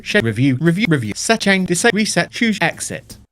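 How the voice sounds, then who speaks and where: A man's voice used as an automated train announcer, making flat synthetic announcements. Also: high-pitched, brisk. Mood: announcing.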